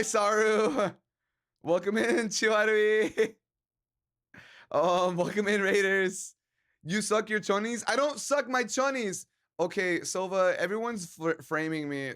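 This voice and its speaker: A slightly drunk male streamer reads his chat out loud in a casual, tipsy session, joking around, cursing, and dropping into Spanish here and there. His high voice has a fairly bright, clean tone.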